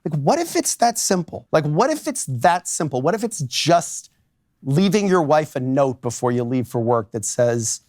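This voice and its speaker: A man's voice: a little high, very animated, normal speed, darkish tone, no room sound. A man working as a divorce lawyer, telling a story in a chatty way full of fillers. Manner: chatty, many fillers like "like" and "you know". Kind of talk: anecdotal storytelling.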